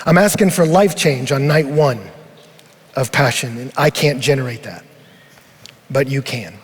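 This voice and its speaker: A man preaching at a conference, telling a story in an animated way and sometimes rising to a shout. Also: medium pitch, measured pace. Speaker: pastor. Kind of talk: conference sermon. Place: large arena. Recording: long arena reverb.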